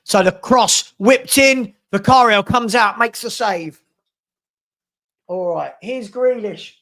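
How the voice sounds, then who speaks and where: A man giving partisan live commentary on a football match for a stream, getting loud and excited at big moments. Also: sits high, slow pace. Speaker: fan watch-along commentator. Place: home room with a dog.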